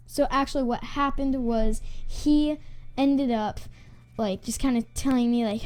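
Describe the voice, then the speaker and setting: A woman's voice: on the high side, a little fast, a little mellow, faint music behind. A female gaming channel host telling a school story in a casual, rambling way, full of "like" fillers and restarts.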